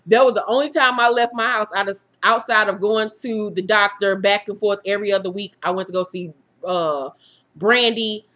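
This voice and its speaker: A woman's voice: mid-range voice, a little fast, a bit bright. A woman in her thirties, a YouTube host, telling her viewers her own story in a frank, profane way and laughing through the hard parts. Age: 30s. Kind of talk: candid personal storytelling to viewers.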